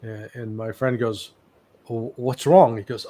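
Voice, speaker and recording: A man's voice: mid-range voice, lively intonation, measured pace. An older man in his sixties, a guest analyst giving blunt, sarcastic commentary in a live interview, telling stories with animation.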